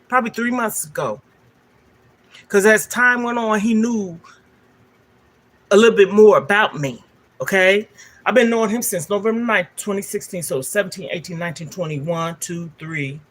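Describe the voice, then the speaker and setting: A woman's voice: medium pitch, a bit bright. An older woman, a livestream host telling a candid, emotional personal story straight to her viewers.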